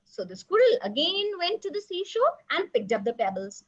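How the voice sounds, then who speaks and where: A woman storyteller telling a children's story, animated and asking the children questions. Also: sits high, normal speed, few pauses, highs cut off.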